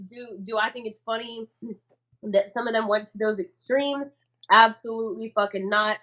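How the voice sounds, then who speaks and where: A woman's voice: a little high, sharp tone. Chatty, emphatic woman laughing along. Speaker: podcast co-host. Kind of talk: casual pop culture chat.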